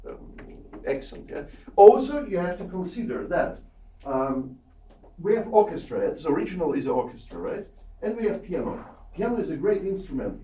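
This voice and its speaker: Lively male piano teacher, echoey room. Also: fairly high pitch. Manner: sings rhythms aloud and keeps asking "yeah?". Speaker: piano teacher giving a masterclass. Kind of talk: masterclass coaching. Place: small room with a large piano. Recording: echoey room, heard from far off.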